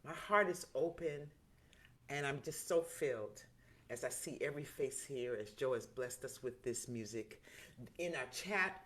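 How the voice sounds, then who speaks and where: A woman hosting an online song gathering over a video call, warm thanks and exclamations. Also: on the low side. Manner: effusive, exclaiming. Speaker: host. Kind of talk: online concert wrap-up chat.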